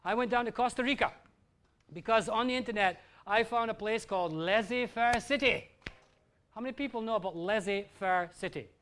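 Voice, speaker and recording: A man's voice: high voice, normal speed, a bit bright. A Scottish man giving a live lecture to an audience, blunt and profane, with asides to the crowd. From Scotland. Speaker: festival speaker.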